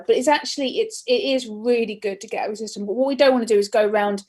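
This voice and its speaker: A woman's voice: fairly high pitch, very fast, a little mellow. A British woman speaking on a live-streamed mental health panel in an earnest, chatty, encouraging way.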